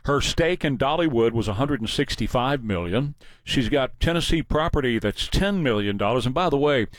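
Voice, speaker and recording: A man hosting a talk show, telling stories in a casual, animated way. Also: medium pitch, normal speed, no echo. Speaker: radio show host.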